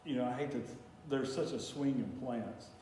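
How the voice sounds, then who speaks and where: With a mellow mid-range voice and a moderate pace, a man presents casually on plants to a small group of locals. He drifts from point to point, folksy and filler-heavy, picked up by a distant mic in an echoey room with faint hiss.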